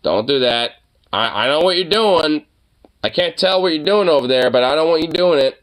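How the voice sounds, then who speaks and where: A man's voice: on the high side, expressive, moderate pace, a bit bright. A young man chatting casually to the camera and his dog, loose and profane, laughing often and full of fillers. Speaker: dog owner vlogger.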